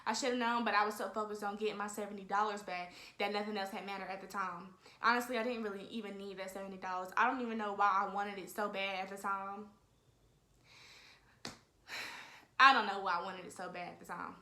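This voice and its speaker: A woman's voice: medium pitch, steady tone, fairly quick, sharp tone. A woman in her twenties telling a story casually and animatedly, talking straight to her viewers and often saying "y'all". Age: 20s. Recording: echoey room.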